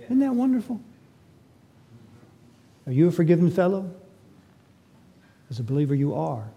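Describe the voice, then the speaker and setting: A man's voice: fairly high pitch, big pitch swings, moderate pace, vocal fry, mellow, slightly rough. A man preaching a sermon as pastor, emphatic and full of rhetorical questions.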